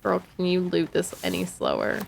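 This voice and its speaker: A woman's voice: on the low side, level tone, normal speed, gravelly, a little hiss or hum. A woman streaming a game, chatting casually and reading in-game notes aloud. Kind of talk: casual gameplay commentary.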